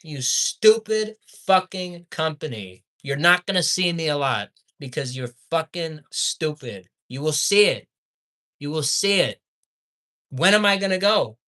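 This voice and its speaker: A man reviewing fast food in a profane rant, repeating insults and swinging between low muttering and loud yelling. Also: animated.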